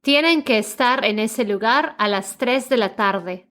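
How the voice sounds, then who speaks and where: A woman's voice: on the high side, moderate pace, a bit bright. A woman reading example sentences for a language lesson, repeating each one carefully as a pronunciation model. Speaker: native-speaker example reader.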